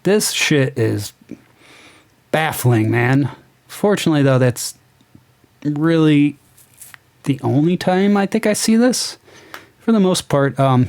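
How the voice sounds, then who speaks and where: A man's voice: medium pitch, creaky, a little mellow. A young man giving a casual, sarcastic review, incredulous and swearing as he picks apart what he is reading. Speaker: comic book reviewer. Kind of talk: casual ranting review commentary.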